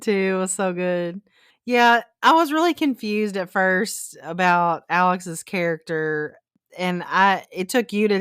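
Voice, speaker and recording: A woman co-hosting a podcast, chatting about a book, animated when retelling and quick to laugh. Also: fairly low pitch, clean tone, no room sound, studio quality. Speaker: podcast co-host. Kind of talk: casual book discussion.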